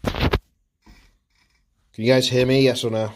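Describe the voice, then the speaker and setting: A man's voice: medium pitch, level tone, slow pace, noisy background. A man livestreaming, ranting in exasperation about his internet, swearing constantly and repeating himself. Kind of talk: frustrated livestream rant.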